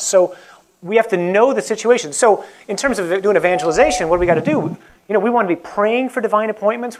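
Male priest, slightly higher voice, informal and emphatic preacher. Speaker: Catholic priest. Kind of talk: conversational preaching and prayer.

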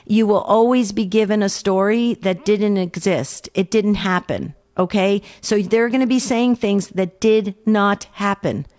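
A middle-aged woman gives earnest advice on a call-in radio program. She speaks gently at a middle pitch and doubles back on words as she reasons. Her tone stays patient and steady. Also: a little slow, few pauses. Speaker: radio show co-host and counselor.

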